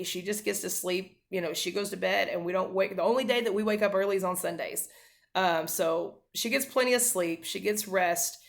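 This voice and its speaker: A woman's voice: fairly low pitch, vocal fry. A woman in her thirties, a mother, earnestly telling a family story to camera, with many fillers and restarts.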